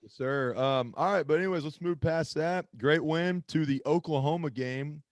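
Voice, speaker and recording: His voice is a little high and his pace moderate, captured on a dry recording. As co-host of a casual sports podcast, he wanders from point to point, stopping to dig for names and regularly losing his thread.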